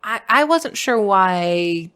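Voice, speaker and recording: A woman co-hosting a podcast, chatting frankly about a film with quick reactions and casual swearing. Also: medium pitch, animated, fairly bright tone. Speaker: podcast co-host.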